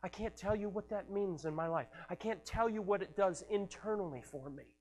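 A man's voice: sits high, moderate pace, darkish tone. A man preaching a sermon as pastor, earnest and stumbling over repeated words as he presses his point. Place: church sanctuary. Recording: long hall reverb.

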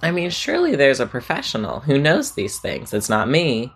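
A podcast guest in casual chat, making quick joking asides. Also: medium pitch, wildly swooping pitch, breathy edge.

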